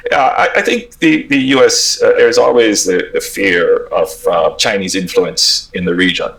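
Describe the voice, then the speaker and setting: A man from Jamaica answering interview questions in a measured way, with many pauses and uhs. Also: low-pitched, creaky, fairly bright tone, rough recording. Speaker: government official.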